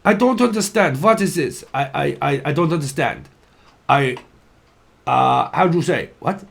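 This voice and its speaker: A man putting on a mock Russian accent to voice an excitable, confused foreign man who speaks halting broken English. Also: a little high, vocal fry. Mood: bewildered.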